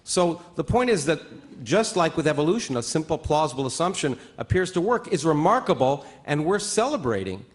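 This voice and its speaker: A man, a scientist, answering in a stage debate with quick, emphatic rebuttals. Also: a little high, very animated. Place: debate stage before a live audience.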